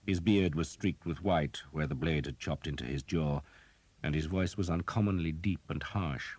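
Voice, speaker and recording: Very deep-voiced male audiobook narrator. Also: moderate pace, darkish tone, no echo. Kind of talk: scripted narration.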